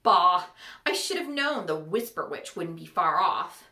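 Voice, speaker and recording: A woman's voice: fairly low pitch, sing-song, a little slow, bright, forceful tone, roomy sound, voice pushed down, exaggerated voice. A woman doing a feisty young heroine. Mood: indignant.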